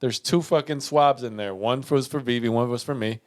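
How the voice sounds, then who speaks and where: A man's voice: mid-range voice, fairly quick. A young man co-hosting a podcast, telling a story in casual, profane chat and acting out the dialogue. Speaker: podcast co-host.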